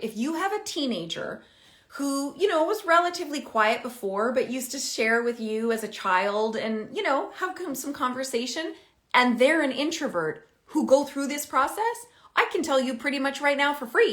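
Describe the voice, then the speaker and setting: Middle-aged woman, parenting coach, slightly high voice, chatty, animated, talks things through aloud. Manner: animated, chatty, thinks out loud. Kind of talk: casual direct-to-camera advice.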